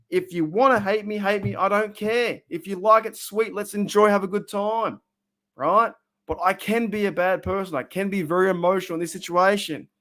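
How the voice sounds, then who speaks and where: An Australian man streaming live from his own room, with a slightly high voice. He rants bluntly and emotionally about his team, swinging from loud outbursts to low mutters. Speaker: sports fan streamer.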